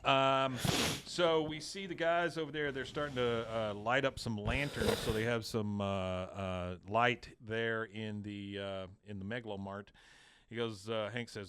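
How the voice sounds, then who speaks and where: A man's voice: on the low side, a little slow, a bit bright, a little hiss or hum. A man co-hosting a podcast, casually recapping a cartoon episode scene by scene, with lots of "uh"s and quoted lines. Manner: retells scenes with many fillers and quoted lines. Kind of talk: casual chat.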